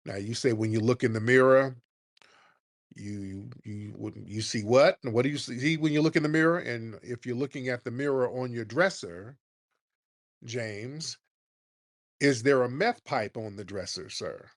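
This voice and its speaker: A man's voice: mid-range voice, normal speed. A man hosting a call-in radio show, blunt and scolding, cutting callers off. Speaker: radio host.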